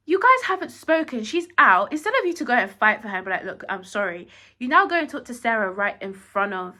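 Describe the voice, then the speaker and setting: A woman giving a casual, animated opinion review of a reality show, acting out quotes from the cast and saying "like" often. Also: fairly high pitch. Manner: animated, acts out quotes, frequent "like".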